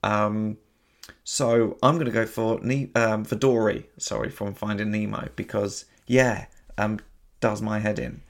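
Young English podcast host with gravelly voice. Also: male voice, on the low side, little pitch movement, unhurried. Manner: laughs often, hesitant with fillers. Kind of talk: casual podcast chat. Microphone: video call.

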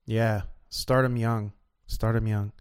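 A man's voice: fairly low pitch, little pitch movement, smooth, no echo. Reflective male interview host, dry sound. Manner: measured, reflective questions. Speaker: podcast host. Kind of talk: conversational interview.

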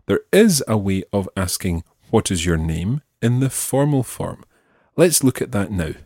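A man teaching a French lesson, slowly modelling phrases for the listener to repeat. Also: fairly low pitch, sing-song, a little mellow, slightly rough, dry recording, clean studio sound. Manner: slow, carefully enunciated model phrases. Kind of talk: language lesson.

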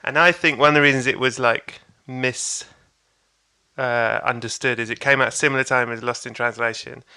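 Guy cohosting a film podcast, super bright tone, laughs at himself a lot. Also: mid-range voice, fairly even intonation, moderate pace, smooth. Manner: chatty, laughing, self-deprecating. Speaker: podcast co-host. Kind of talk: casual film chat.

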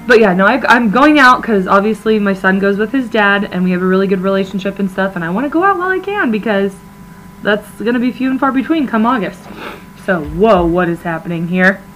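A young woman co-hosting a podcast in rambling casual chat, her voice slightly hoarse and froggy. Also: medium pitch, lively intonation, a little fast, fairly bright tone, slight background noise, poor audio. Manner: rambling, chatty, laughs often. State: slightly hoarse, froggy from talking loudly at a bar. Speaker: podcast co-host.

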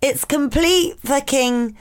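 A woman co-hosting a chatty podcast, bubbly and quick to laugh, swearing freely and trying out silly accents. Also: sits high. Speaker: podcast co-host. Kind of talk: casual chat.

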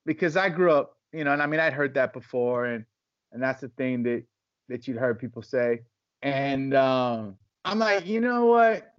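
A man's voice: medium pitch, lively intonation, moderate pace, clean tone, no room sound. A man co-hosting a podcast in casual chat, rambling and telling stories with acted-out quotes. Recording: dry, dull lo-fi sound.

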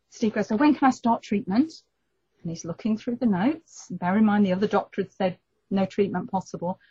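A middle-aged woman, telling a personal story in an interview and lively acting out the voices of the people in it. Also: mid-range voice, husky, no room sound. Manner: animated storyteller, acts out quoted voices. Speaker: guest telling her story. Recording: dull lo-fi recording.

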